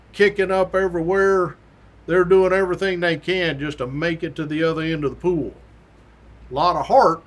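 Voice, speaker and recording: Male host, a touch high-pitched, spinning a folksy yarn with acted-out quotes. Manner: folksy and colloquial, with mild swearing; acts out the quoted voices of others. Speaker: host recounting his academy days. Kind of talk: casual spoken storytelling.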